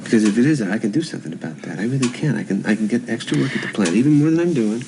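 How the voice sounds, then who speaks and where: A man's voice: medium pitch, animated, racing, gravelly. An actor playing an anxious young husband earnestly pleading with his wife in a 1970s TV soap. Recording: noisy old TV audio.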